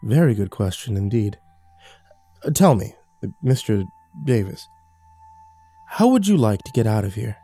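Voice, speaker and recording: Man doing a creepy lucifer type, quiet and mocking, dark mellow voice, faint music behind. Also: on the low side, very animated, unhurried, pauses often, slightly rough, heavily acted. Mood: smooth. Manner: soft, taunting, theatrical. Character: mocking fallen angel, cruel and unhinged.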